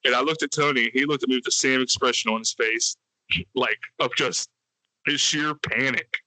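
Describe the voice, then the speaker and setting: Bright-voiced profane storyteller man. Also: mid-range voice, normal speed, dry recording. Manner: profane, animated, acts out quotes with a raised voice. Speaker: podcast co-host. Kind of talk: casual storytelling.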